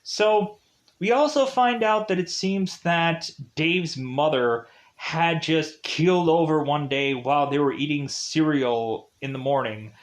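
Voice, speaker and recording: Guy rambling thru a movie review, lots of like and uh, kinda high voice. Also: unhurried. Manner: rambling, heavy use of "like" and "uh". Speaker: film reviewer. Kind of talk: casual spoken film review.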